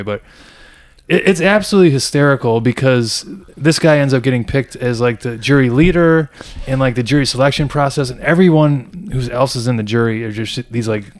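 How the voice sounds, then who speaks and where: A man's voice: medium pitch, brisk. A man co-hosting a podcast, telling a story in casual chat with lots of "like" and "you know". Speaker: podcast co-host.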